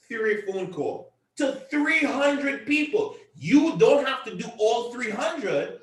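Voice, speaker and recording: The voice is very high-pitched, with roomy sound and a distant mic. A team leader addressing a convention call, he gives an emphatic, repetitive pep talk and often raises his voice.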